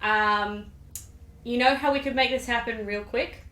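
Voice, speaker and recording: A scheming, bossy noblewoman pushes her husband along in pushy, casual slang, her voice sitting a bit high, as a woman puts her on. The room gives it a noticeable echo. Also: fairly even intonation, unhurried, sharp tone.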